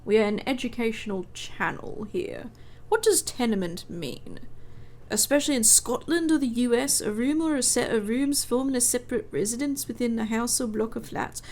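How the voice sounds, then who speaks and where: A woman streamer giving chatty, expressive commentary while playing a game, often giggling. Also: fairly high pitch, moderate pace. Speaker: gaming streamer. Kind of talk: casual let's-play commentary.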